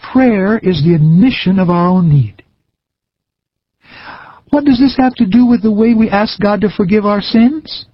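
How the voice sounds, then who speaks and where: Husky-voiced preacher, earnest and measured. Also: male voice, high-pitched, dry recording, lo-fi sound. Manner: earnest, measured, folksy storytelling. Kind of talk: recorded sermon.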